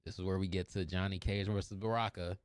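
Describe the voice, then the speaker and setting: Male movie reviewer, animated and casual, clear smooth voice, dry close mic. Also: low-pitched, fast, no room sound. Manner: animated, laughing often, swearing. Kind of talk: casual scene-by-scene movie recap.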